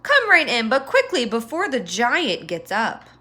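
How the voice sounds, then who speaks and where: A woman voicing a huge, kindly giantess who booms and scolds in a storybook reading. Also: wildly swooping pitch, measured pace, bright, forceful tone, heavily acted. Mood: fussing. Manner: booming, fussing and scolding.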